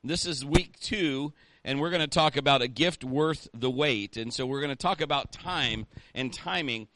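A man's voice: medium pitch, moderate pace, sharp tone, dry recording, studio quality. A man, a pastor, preaching a sermon in a conversational way and rallying the congregation with call-outs.

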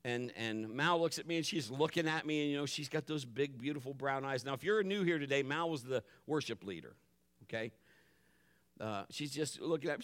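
A middle-aged man preaching a sermon as pastor, animated, acting out his family's voices and dropping to a hush for calm moments. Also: medium pitch, fairly quick. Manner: drops to a hushed voice for calm moments.

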